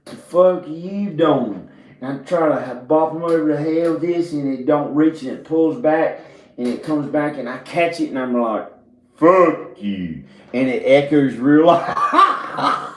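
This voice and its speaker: A man from Virginia drawls through a meandering, profane comic story, often breaking into laughter at his own lines. He talks slowly, in a middle register. His voice rings around an echoey room. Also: on the high side. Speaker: comedic storyteller. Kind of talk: rambling comedic monologue. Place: indoor room with drum set and speakers.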